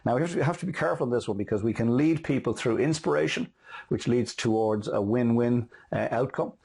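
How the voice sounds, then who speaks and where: A man hosting a motivational talk on selling, telling stories quickly with many fillers and restarts. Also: mid-range voice, gravelly, darkish tone, husky. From Ireland. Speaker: host and sales motivational speaker. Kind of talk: casual motivational talk with anecdotes.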